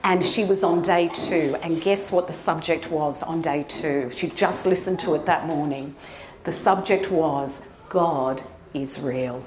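A woman giving a sermon testimony, telling a story with animated delivery that builds to fervent exhortation. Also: sits low, a little slow, reverberant, a crowd in the background. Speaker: preacher.

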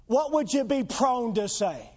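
A man's voice: extremely high pitch, expressive, a little slow, darkish tone, muffled recording. A man preaching a sermon as pastor, emphatic and full of rhetorical questions to the congregation.

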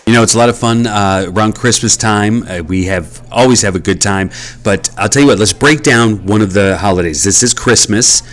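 Male podcast host, comic monologue, rambling and mock-outraged, lowish voice. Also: moderate pace. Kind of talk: comedic monologue.

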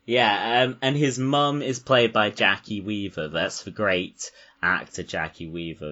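A man's voice: low voice, fairly bright tone, lo-fi sound. A man co-hosting a podcast, chatting casually about a film, rambling, swearing and laughing often. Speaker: podcast co-host.

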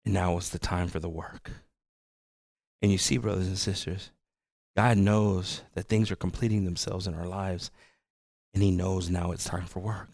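Male pastor, low voice, earnest sermon delivery with repetition, dry sound. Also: steady tone, normal speed, gravelly, no room sound. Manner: earnest preaching that swings from soft to loud, with repeated phrases.

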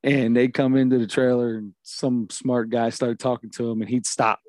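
A man, co-hosting a casual chat, animated and self-mocking, laughing often. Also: mid-range voice, normal speed, no room sound, studio quality. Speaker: podcast co-host.

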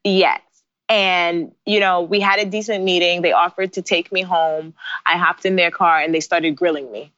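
A woman's voice: lowish voice, normal speed, dry recording. A woman in her thirties, a bridal designer, telling stories in a casual interview with frequent laughs. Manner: animated, laughs often while telling stories. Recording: dry, slightly dull podcast audio.

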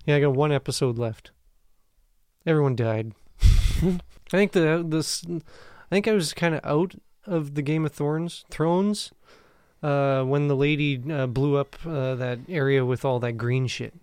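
A man's voice: fairly high pitch, measured pace, a little mellow, clear, resonant tone, no echo, clean studio sound. A man co-hosting a casual podcast chat, rambling, profane and grumbling. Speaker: podcast co-host.

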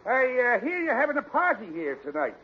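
A man's voice: very high voice, huge pitch swings, brisk, background noise, exaggerated voice. A man doing a sly brogued beat cop. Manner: sly, hinting and drawling. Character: thirsty male Irish beat cop, sly moocher. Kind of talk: 1940s radio sitcom acting. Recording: dull 1940s radio broadcast.

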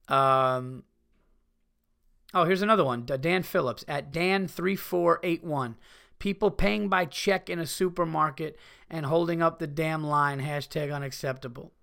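A gravelly, somewhat high-pitched man hosts a casual solo podcast. He rants with profanity and animated complaints, swinging between loud outbursts and muttered asides. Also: a little slow. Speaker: podcast host.

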